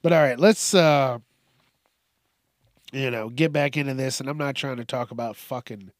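Slow, rambling, profane male podcaster. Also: mid-range voice, no room sound, studio quality. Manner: rambling, profane, self-interrupting. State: tired late at night. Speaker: podcast host. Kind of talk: casual solo podcast rant.

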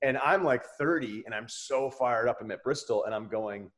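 A man in his forties hosting a chat show, telling blunt stories with loud, animated bursts. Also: mid-range voice, normal speed. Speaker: podcast host. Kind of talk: casual chat.

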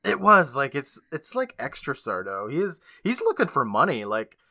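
Podcast co-host, male, bright forceful tone, dry close sound, casual recap delivery. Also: medium pitch, huge pitch swings, gravelly, dry recording. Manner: retells scenes with quick put-on quotes, laughs often.

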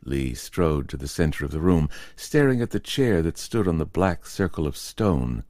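A man narrating a horror story in a measured, expressive storytelling voice. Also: extremely low pitch, dry recording, studio quality.

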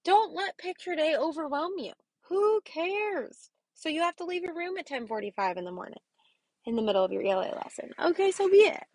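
Quick-paced and animated, a high-pitched woman's voice with no room sound hosts a casual motivational podcast. The speaker, a kindergarten teacher, is emphatic, repeatedly checks in with "okay?", and whispers to stress key points.

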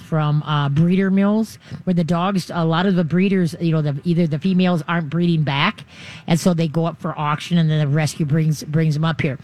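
This is a dog trainer giving casual, off-the-cuff advice, talking quickly and rambling through restarts. The voice sits at a middle pitch and keeps jumping up into high, playful voices to act out owners and their dogs. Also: a little mellow.

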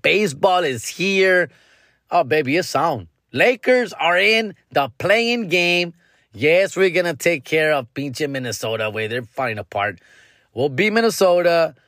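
A man's voice: fairly high pitch, fairly bright tone, dry recording, clean studio sound. A man hosting his own podcast in a loose, casual monologue, full of slang and profanity, calling listeners dog and fool and dropping bits of Spanish slang. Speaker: podcast host.

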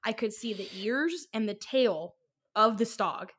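A young woman with a fairly high voice tells a story on a podcast in loose, rambling chat. She leans on fillers and drops the odd swear word. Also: animated, a little slow, a bit bright, breathy edge. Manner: rambling, full of likes and ums, swears freely. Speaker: podcast co-host.

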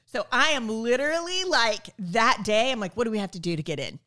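Animated middle-aged woman telling stories. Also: on the high side, fairly quick. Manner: animated, acts out quoted dialogue. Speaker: podcast guest. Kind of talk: casual storytelling interview.

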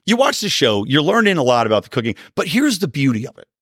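A man's voice: fairly high pitch, fast, dry recording, clean studio sound. A middle-aged man hosting a podcast, telling stories and ranting in a sarcastic, profane, casual way. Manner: profane, sarcastic, animated storytelling with sudden yelling. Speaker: podcast host.

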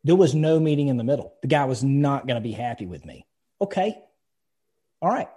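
Mellow, husky-voiced man chatting bluntly. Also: mid-range voice, a little fast. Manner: blunt and animated, telling stories with quoted speech. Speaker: podcast co-host. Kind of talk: casual podcast chat.

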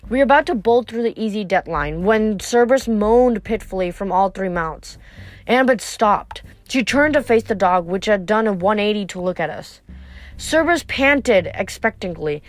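A woman's voice: mid-range voice, lively intonation, normal speed, no echo. A woman reading a novel aloud, sometimes stumbling and restarting a word. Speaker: reader.

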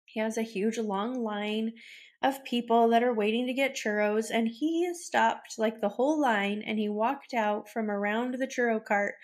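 A woman's voice: fairly high pitch, steady tone, normal speed. A woman hosting a podcast, telling personal stories in a casual way, choked up and close to tears, laughing through it. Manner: emotional, tearful and laughing while telling stories. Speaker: podcast host. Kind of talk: casual storytelling.

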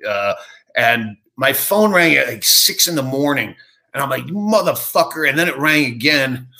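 A man's voice: mid-range voice, normal speed, gravelly. A middle-aged man, a comedian, telling profane stories in a casual podcast interview. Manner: profane, animated anecdotes. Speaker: comedian guest.

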